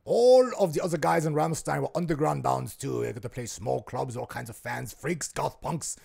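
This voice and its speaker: A man doing a mock impression of a gruff East German rocker, in a heavy German accent and a low, grave voice. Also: normal speed, a little mellow. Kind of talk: comic impression in a podcast.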